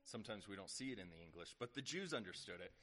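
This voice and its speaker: A man's voice: lowish voice, lively intonation, fast talker, sharp tone. A man preaching a sermon in a conversational way, explaining scripture with occasional fillers and rising emphasis. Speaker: pastor.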